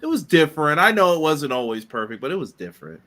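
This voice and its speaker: A man hosting a podcast in casual chat, upbeat and quick to laugh. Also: on the high side, very animated, pushed and bright, a little hiss or hum. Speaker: podcast host.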